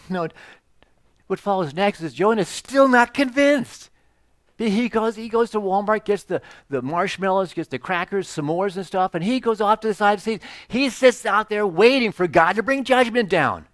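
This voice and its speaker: A man retells a scripture story as a relaxed, humorous sermon. He sprinkles in asides and jokes. His voice sits a little high, and the recording is close and dry with no room echo. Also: moderate pace. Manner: joking, conversational, many "you know" asides. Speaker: pastor.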